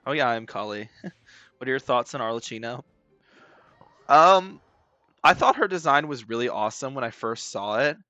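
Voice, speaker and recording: A man chats through a live game in a bright, tense voice, joking, rambling, swearing and breaking into loud excited yelling. The sound is dry, close and somewhat dull, with faint music underneath. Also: medium pitch, moderate pace, pauses often, no echo. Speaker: gaming streamer. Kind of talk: casual live gameplay commentary.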